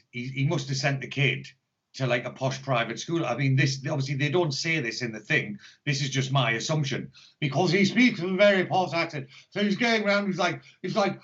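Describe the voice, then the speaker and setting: A man's voice: mid-range voice, fairly bright tone. An English man co-hosting a podcast, chatting casually and rambling with lots of swearing and jokes. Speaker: podcast co-host. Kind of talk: casual chat. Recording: dull lo-fi podcast audio.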